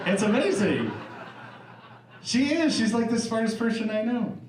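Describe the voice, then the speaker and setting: On a comedy club stage, a middle-aged man works the crowd in a chatty, profane stand-up routine. He speaks high and sing-song, without hurry, picked up by a distant stage mic in a roomy live recording with slight background noise and laughter from the audience.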